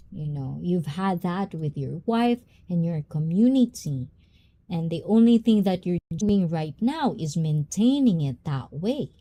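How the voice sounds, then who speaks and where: Female host, slow and reflective, filler-heavy casual chat; low, mellow voice. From Japan. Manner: reflective, drawn-out, with many fillers and asides. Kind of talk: casual live-stream chat.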